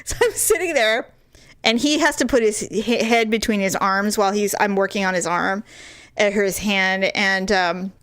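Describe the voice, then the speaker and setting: A woman's voice: mid-range voice, normal speed, a bit bright, dry recording, studio quality. A woman in her forties co-hosting a podcast, telling a story in casual chat, acting out quoted voices and laughing often. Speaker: podcast co-host.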